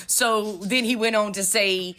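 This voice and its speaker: A woman's voice: mid-range voice, pushed and bright. A woman co-hosting a podcast, giving sarcastic, profane political commentary and calling people honey. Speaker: podcast co-host.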